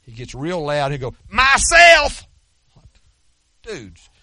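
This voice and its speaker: A man preaching a sermon as pastor, emphatic and folksy, slowing down to stress scripture. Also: on the high side, animated, bright, forceful tone, dry recording. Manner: folksy, with colloquial asides and repeated words.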